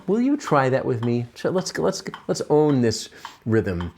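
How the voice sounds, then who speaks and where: A man's voice: mid-range voice, huge pitch swings, a little slow, a little mellow, a little hiss or hum. A man teaching a piano lesson on video, enthusiastic and encouraging, with frequent fillers and restarts as he explains. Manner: enthusiastic, encouraging, counts and scats rhythms aloud.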